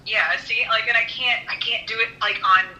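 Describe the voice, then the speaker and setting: Guest, woman from Minnesota, very bright voice, lively storyteller on a video call. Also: fairly high pitch, normal speed, a little hiss or hum, low-quality recording. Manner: animated storyteller, frequent laughter. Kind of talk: casual chat.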